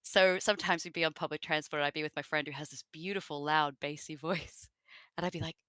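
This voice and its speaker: A woman's voice: low-pitched, fairly even intonation, fairly quick, fairly bright tone, smooth, dry recording. A woman with an Australian accent, a guest in an interview, chatting casually with many fillers and laughs.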